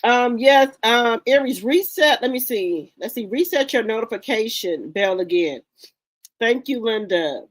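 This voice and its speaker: A woman's voice: fairly high pitch, lively intonation, unhurried. A woman hosting a casual livestream, greeting viewers by name in an informal, repetitive, chatty way, with features. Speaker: livestream host.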